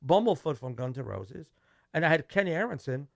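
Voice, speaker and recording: Middle-aged man, Brooklyn New York accent, lively storyteller acting out the dialogue; slightly raised pitch, dry room. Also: brisk, gravelly, dry recording. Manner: animated, acts out quoted dialogue, restarts. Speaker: guest musician. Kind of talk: casual storytelling interview.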